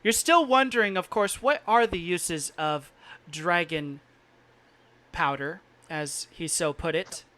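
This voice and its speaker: A man narrating as game master in a tabletop game, pausing and restarting loosely. His voice is high, bright and clear.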